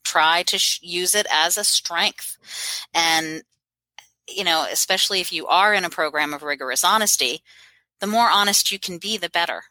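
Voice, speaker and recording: A woman's voice: fairly low pitch, normal speed, sharp tone, dry recording, rough recording. A woman, a mental health counselor, giving encouraging, practical advice as a podcast guest. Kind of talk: interview answers.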